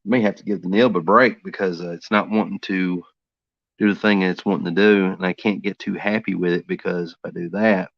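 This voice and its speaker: A man's voice: low-pitched, flat delivery, fairly quick, gravelly, no room sound. A man chatting casually and rambling easygoing while he draws live for his stream. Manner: rambling, easygoing, talks to himself while working. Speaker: artist streaming a drawing session. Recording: dull, dry lo-fi sound.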